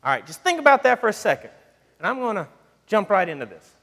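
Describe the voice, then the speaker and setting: A man's voice: sits high, big pitch swings, fast talker, bright, forceful tone. A young man delivering a sermon in a church, joking and talking straight to the congregation. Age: young adult. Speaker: preacher. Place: church sanctuary. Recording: long church reverb.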